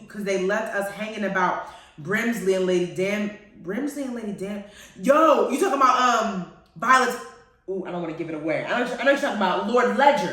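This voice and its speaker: A woman hosting a live-streamed TV review chat, gushing and animated and calling her listeners honey and y'all. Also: mid-range voice. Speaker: host. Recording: very echoey room, far from the mic.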